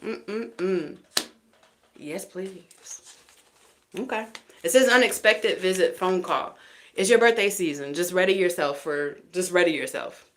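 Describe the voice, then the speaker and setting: A woman's voice: on the low side, unhurried. A woman reading tarot live, chatty and teasing, often laughing between cards. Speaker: tarot reader.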